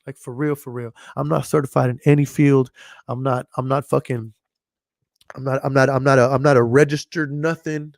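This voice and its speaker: A man's voice: a little high, creaky, no echo, clean studio sound. A man hosting a podcast and talking casually, blunt and profane, rambling with frequent restarts. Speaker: podcast host. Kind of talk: casual chat.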